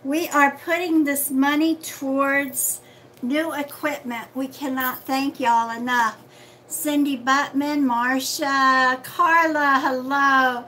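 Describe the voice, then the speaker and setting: A woman's voice: sits high, fairly even intonation, takes it slowly, sharp tone, slight background noise, poor audio. A woman hosting a casual livestream as a psychic reader, chatty and friendly, calling viewers sweetheart.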